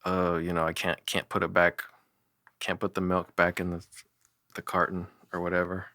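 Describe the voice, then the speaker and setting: A man's voice: low voice, monotone, normal speed, pushed and bright, no echo, clean studio sound. A young man casually talking through his own songs, rambling with many fillers and self-deprecating laughs. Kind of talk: casual solo commentary.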